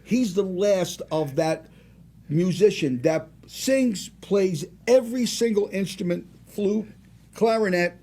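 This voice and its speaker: Gravelly-voiced man around seventy. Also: sits high, slow pace. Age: about 70. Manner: animated, rambling anecdotes. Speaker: singer and restaurant owner, guest. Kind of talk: casual storytelling interview.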